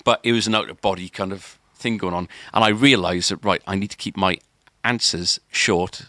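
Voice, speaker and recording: Bright-voiced man telling a story. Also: low voice, normal speed, no room sound, clean studio sound. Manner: rambling, many restarts and "kind of" fillers. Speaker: podcast co-host. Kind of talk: casual storytelling.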